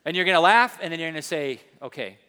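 A man preaching a sermon in a church, emphatic and quick to joke, with sudden asides to his listeners. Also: a little high, expressive, pushed and bright, clean tone, long reverb tail. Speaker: pastor.

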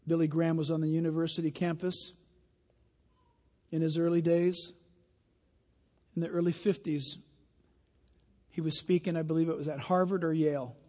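High-voiced preacher in an echoing hall. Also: male voice, little pitch movement, normal speed, pauses often, dark tone. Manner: emphatic, storytelling. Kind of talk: sermon. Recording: long hall reverb.

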